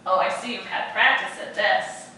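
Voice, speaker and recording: A woman teaching preschoolers in a virtual class, speaking in a slow, sing-song, encouraging way. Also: mid-range voice, sharp tone, distant mic, slight background noise. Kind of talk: virtual class for young children. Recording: echoey room, voice off-mic.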